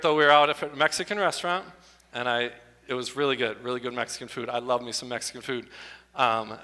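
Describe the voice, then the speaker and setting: Bright animated man in a reverberant hall. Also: mid-range voice. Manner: animated, bursts into loud exclaiming. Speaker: comedian at a church show. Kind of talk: stand-up comedy with slides. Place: church hall before an audience.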